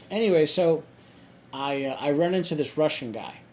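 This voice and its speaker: A man telling a story casually to his viewers, halting with many restarts and fillers. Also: a little high, expressive, darkish tone, a little hiss or hum. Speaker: vlogger.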